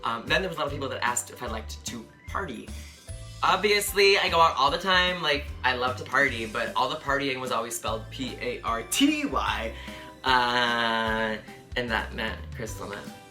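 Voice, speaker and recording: A young man telling a comedic dating story to camera, sassy, animated and profane. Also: medium pitch, normal speed, faint music behind. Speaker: travel vlogger.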